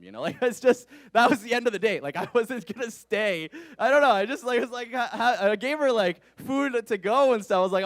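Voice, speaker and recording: A male storyteller and spoken-word poet performing live on a stage, speaking into a stage microphone. His voice is smooth and clear, and the sound is close and dry. He keeps his delivery animated. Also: fairly high pitch, brisk, hardly any pauses, no echo. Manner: animated, acts out quoted voices. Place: live stage before an audience.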